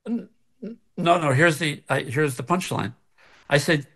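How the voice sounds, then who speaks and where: An older man, a guest on a video call from his kitchen, telling an animated story and acting out both sides of the conversation. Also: on the high side, measured pace, long pauses. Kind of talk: casual storytelling. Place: kitchen at home.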